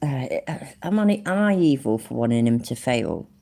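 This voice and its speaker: A woman's voice: extremely low pitch, sing-song, unhurried, vocal fry, warm tone. A woman giving casual commentary over a livestream, sarcastic and mocking, swearing freely.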